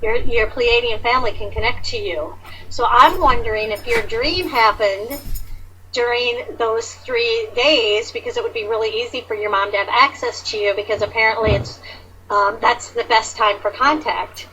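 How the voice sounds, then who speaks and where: Bright, chatty woman telling a story. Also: on the high side, moderate pace, a little hiss or hum, low-quality recording. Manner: chatty, animated storyteller with many fillers. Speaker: guest sharing awakening story. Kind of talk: casual conversation.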